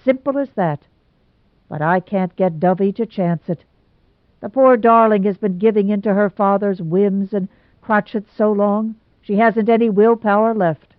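A woman narrator plays a gloomy, lovesick young man, earnest and complaining, pushing his words out louder. The sound is thin and phone-like, with no room in it. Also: mid-range voice, measured pace, dry recording, lightly acted. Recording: tinny phone-like sound, dry.

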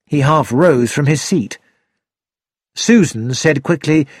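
A man narrating a novel chapter in a measured, expressive audiobook reading. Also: mid-range voice, breathy edge, dry recording, studio quality.

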